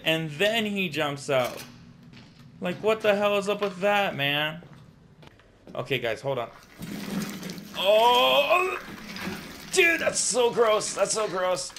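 A young man streams a horror game, talking with viewers in casual let's-play style while he gets jumpy and mutters to himself. His voice sits on the high side with a fairly bright tone, and the recording has a little hiss or hum.

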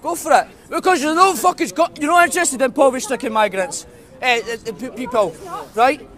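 A man shouting and swearing as he argues with street campaigners, recorded outdoors on a city street on a hand-held phone. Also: very high-pitched, fairly quick. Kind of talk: heated street argument. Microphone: phone camera held by the speaker.

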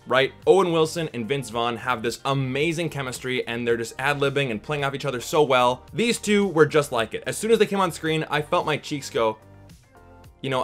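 A man's voice: a little high, fairly bright tone. A man hosting a casual movie review vlog. He talks to his viewers as "you guys" in a chatty, upbeat way and swears casually.

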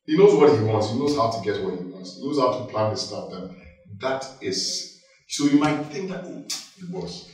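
A man giving an animated workshop talk, laughing and acting out office dialogue as he goes. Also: mid-range voice, moderate pace. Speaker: workshop speaker. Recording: echoey hall, mic far off.

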